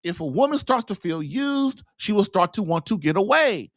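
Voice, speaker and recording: A man hosting a marriage show speaks in a high voice with big pitch swings, at a moderate pace and a fairly bright tone, with no echo. As a podcast host and marriage coach, he gives husbands in his call-in audience an earnest, preachy talk, repeating and restarting himself as his urging grows emphatic.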